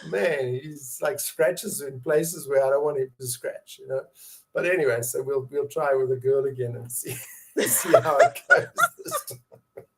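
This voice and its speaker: A man's voice: mid-range voice, big pitch swings, measured pace, a little hiss or hum. A middle-aged man speaking as a guest, telling his story in an earnest, candid conversational way, with many fillers and restarts and bursts of laughter. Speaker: guest, survivor and advocate.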